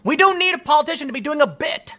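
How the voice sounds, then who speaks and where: A man's voice: extremely high pitch, lively intonation, quick pace, sharp tone. A man hosting a political commentary show, ranting in an exasperated, sarcastic way.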